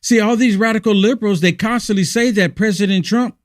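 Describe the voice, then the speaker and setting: Man, political commentator, heated, rhetorical questions, slightly high voice, dry sound. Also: fairly quick, no echo. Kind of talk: opinion monologue.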